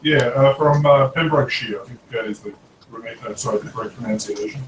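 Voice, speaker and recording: Man, halting chatty delivery, roomy distant sound with faint hiss. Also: medium pitch. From Australia. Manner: hesitant, many fillers. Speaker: panel guest. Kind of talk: casual live-stream chat.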